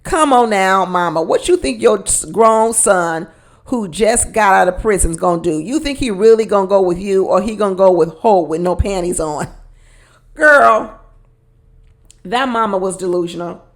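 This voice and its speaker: A woman gives casual, gossipy commentary on a reality show, talking straight to her listeners. Her voice sits at a middle pitch with a noticeable gravelly fry. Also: normal speed. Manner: chatty and gossipy, addresses listeners as y'all, laughs often. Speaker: reality TV recap host.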